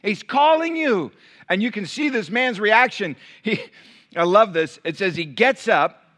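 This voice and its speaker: Pastor, male, bright slightly high voice, dynamic sermon delivery that moves from loud emphasis to quiet intimacy. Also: lively intonation. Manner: dynamic preaching, swinging from loud emphatic lines to hushed intimate ones; acts out crowd voices in quick asides.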